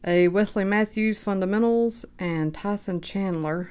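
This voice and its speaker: Slow-talking woman opening card packs. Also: mid-range voice, smooth. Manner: unhurried, reads names aloud, bursts of excitement. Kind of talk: casual card-breaking commentary.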